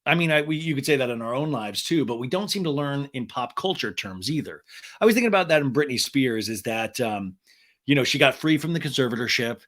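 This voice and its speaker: A man's voice: mid-range voice, fairly quick. A man hosting a podcast, chatting casually and animatedly about pop culture. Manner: chatty and animated, with laughs and silly quoted voices. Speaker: podcast host.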